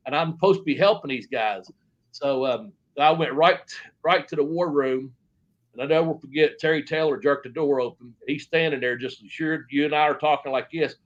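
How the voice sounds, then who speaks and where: A man's voice: on the high side, a bit bright, dull audio. A middle-aged man telling wrestling stories in a rambling, profane way, with many restarts and quoted back-and-forth dialogue. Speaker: interview guest. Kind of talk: casual storytelling.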